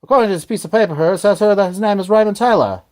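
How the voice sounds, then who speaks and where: A man voicing a chatty, brash Australian bloke in a put-on Australian accent, with a rapid, joking delivery. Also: high voice, darkish tone, natural voice. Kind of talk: comic impression on radio.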